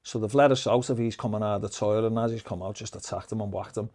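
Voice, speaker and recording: Swearing freely, a Liverpool-accented man appears as a podcast guest, spinning casual stories and performing the conversations he recounts. He speaks quickly in a fairly low, steady voice, with a crowd audible behind him.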